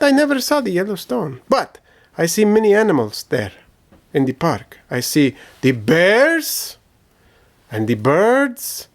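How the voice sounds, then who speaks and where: A man voicing a goofy middle-aged Italian uncle, telling rambling comic stories in broken English with an Italian accent and theatrical pauses. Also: fairly high pitch. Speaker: puppet show storyteller character. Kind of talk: children's comedy sketch acting.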